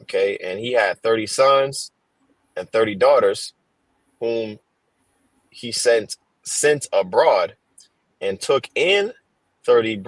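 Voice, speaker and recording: A man with a low voice reads scripture during a relaxed Bible study, reading slowly, pausing often with fillers, and starting over. He sounds animated, and the recording is dry, close, and of poor quality, captured through headphones on a stream.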